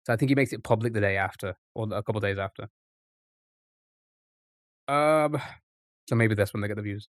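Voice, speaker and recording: A man's voice: on the low side, moderate pace, long pauses, no echo, studio quality. A man casually chatting on a live stream, rambling and thinking aloud, often repeating himself.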